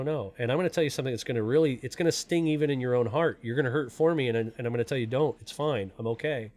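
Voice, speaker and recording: A man's voice: mid-range voice, a little mellow. Earnest man talking from the heart. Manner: emotional, rambling, earnest. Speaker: live stream host. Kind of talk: heartfelt personal talk.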